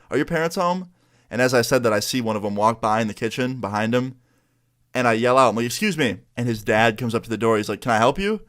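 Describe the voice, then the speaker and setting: A young man from New York tells a story to his viewers in a casual, chatty way. He acts out what the other people in the story said. His pitch sits in the middle for a man. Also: a bit bright. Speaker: YouTuber.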